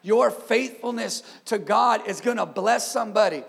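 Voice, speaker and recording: A man, a pastor, preaching a sermon with energetic call-and-response and street slang. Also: high voice, moderate pace, vocal fry, breathy edge, in a large hall.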